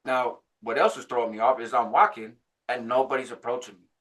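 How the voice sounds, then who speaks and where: Animated man telling a prison story. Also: a little fast. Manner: animated, jumps higher when quoting others; laughs between phrases, frequent "right?". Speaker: channel host recounting prison life. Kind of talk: casual storytelling.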